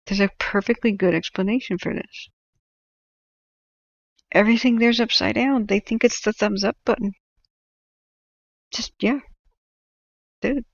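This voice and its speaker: A woman's voice: a little high, unhurried, long pauses, no room sound, muffled recording. A woman from California hosting a wildfire-tracking livestream, chatting casually in a rambling way and laughing as she stumbles over place names.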